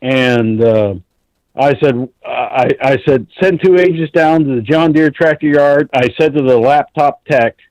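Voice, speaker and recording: A man's voice: medium pitch, a little mellow, dry recording, rough recording. A man calling in to a talk show, telling a long story in an intense, rambling way and swearing often. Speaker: caller.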